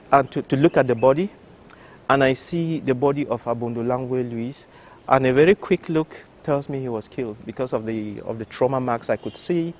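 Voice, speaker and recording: An older man, a doctor from Cameroon, telling an interviewer his story, animated and full of restarts. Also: mid-range voice. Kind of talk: recounting a personal story. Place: television studio.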